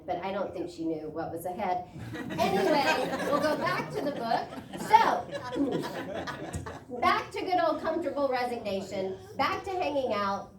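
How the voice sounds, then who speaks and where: Lady giving a sermon, reads with lots of feeling, mic far off, faint room hum. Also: on the high side. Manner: expressive, animated reading, laughs easily. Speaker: spiritual leader. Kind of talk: sermon reading from a book. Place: church sanctuary. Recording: echoey room, distant mic, faint ambience.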